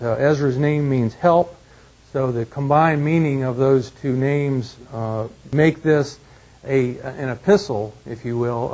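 A man teaching a Bible class, measured and careful, often restarting his phrases. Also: mid-range voice, a little mellow, breathy edge, poor audio. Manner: measured, frequent restarts and fillers.

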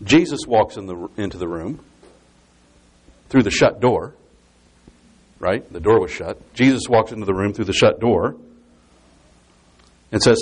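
A male preacher works through a Bible passage in an expository sermon. His voice swings widely in pitch as he stresses and repeats his key points. He explains each detail carefully, step by step. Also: animated, moderate pace, pauses often, breathy edge. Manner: emphatic, repeats key phrases for effect.

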